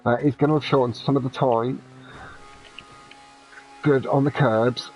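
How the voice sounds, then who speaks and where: A man giving live play-by-play commentary on an online race, brisk and friendly with some teasing. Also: steady tone, a little mellow, soft background music. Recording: dull low-fidelity mic.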